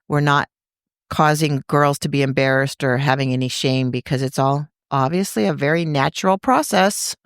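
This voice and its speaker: A woman's voice: very deep voice, normal speed, smooth, dry recording, clean studio sound. A middle-aged woman co-hosting a podcast, speaking in a thoughtful, earnest and supportive way. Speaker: podcast co-host. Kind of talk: casual podcast chat.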